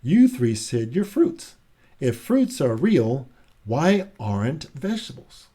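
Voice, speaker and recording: A man voicing a flustered, stubborn male storybook character with an exasperated, high-pitched delivery. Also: very animated, takes it slowly, warm tone, breathy edge, exaggerated voice. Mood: insistent. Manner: exasperated, raised-pitch outbursts.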